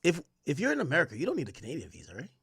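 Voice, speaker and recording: A man's voice: fairly high pitch, racing, slightly rough, no room sound. A young adult man hosting a casual livestream, reading chat aloud and ranting in slangy talk. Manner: animated, slangy, reads chat aloud and rants.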